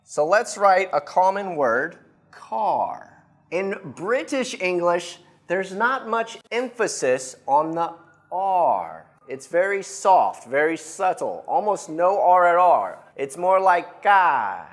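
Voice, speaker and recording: A woman teaching an English class, modelling words slowly and clearly for her students. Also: on the low side, sing-song. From United States. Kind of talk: classroom lesson.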